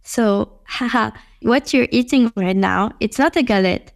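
A woman's voice: on the high side, normal speed, gravelly. A woman learning Chinese, translating sentences thoughtfully and asking questions in a casual lesson. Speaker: language learner.

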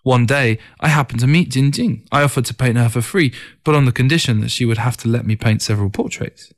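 A man voicing a cheerful, self-mocking young male artist with jovial, excitable delivery in audiobook dialogue. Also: medium pitch, fast, natural voice.

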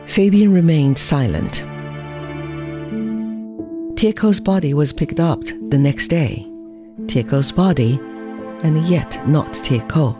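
A narrator reading a story aloud in a slow, measured way. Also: mid-range voice, over music, rough recording. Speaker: audiobook reader.

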